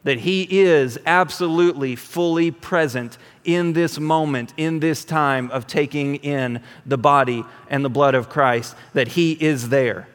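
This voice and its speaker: Pastor, male, fairly high voice, casual preaching, long church reverb. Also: measured pace, hardly any pauses, smooth. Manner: conversational, animated, repeats words when restarting. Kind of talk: sermon.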